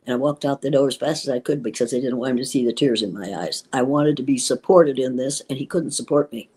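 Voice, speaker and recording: With a deep, mellow, husky voice captured on a rough recording, an older retired schoolteacher gives an interview about her life. Her telling is emphatic and indignant, she acts out recalled conversations, and at times she is close to tears.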